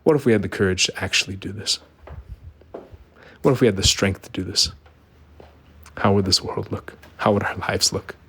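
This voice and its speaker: Middle-aged guy talking earnest and emphatic, lowish voice, lots of what-if questions. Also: normal speed, long pauses, fairly bright tone, slightly rough. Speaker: vlogger. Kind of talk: personal monologue.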